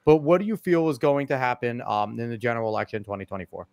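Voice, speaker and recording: A man's voice: medium pitch, animated, fast, vocal fry, a little mellow, smooth, no echo. A man co-hosting a podcast, chatting casually and playfully teasing his guest. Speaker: podcast co-host. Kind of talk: casual interview chat.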